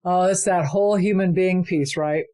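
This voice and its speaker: Host: woman, lowish pitch, affirming interviewer. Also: normal speed. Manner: warm affirming interviewer asking questions. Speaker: podcast host. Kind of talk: podcast interview.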